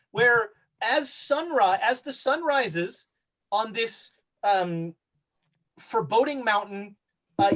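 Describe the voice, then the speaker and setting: A man's voice: very high voice, a bit bright. A man running a tabletop horror game, narrating scenes casually with many fillers and restarts. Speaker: game master.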